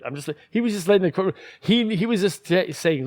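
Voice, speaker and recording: A man's voice: sits high, lively intonation, quick pace, few pauses. A man ranting in casual commentary, heated and profane, rambling with many restarts.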